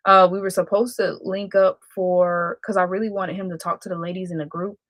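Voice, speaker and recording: Female livestream host, casual and self-correcting, lowish voice. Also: little pitch movement, fairly quick, a bit bright, no echo. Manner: rambling, self-correcting, chatty. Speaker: live stream host.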